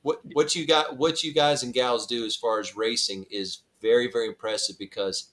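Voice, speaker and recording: A man at a middle pitch hosts a racing podcast in a relaxed, chatty way. He says "y'all" and lingers with enthusiasm on the car details as he talks. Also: normal speed. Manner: chatty, Southern "y'all", enthusiastic about cars. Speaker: podcast host. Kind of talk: casual podcast interview.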